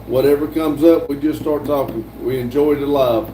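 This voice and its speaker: A middle-aged man hosting a casual live stream, reading viewer comments aloud with many pauses and uhs. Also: mid-range voice, fairly even intonation, warm tone. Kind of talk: casual chat. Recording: echoey room, distant mic, faint noise.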